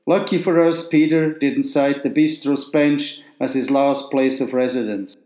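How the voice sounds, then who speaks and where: A man reading a first-person memoir aloud in a measured, wry storytelling manner, recorded with a roomy echo. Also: medium pitch, steady tone, a little mellow.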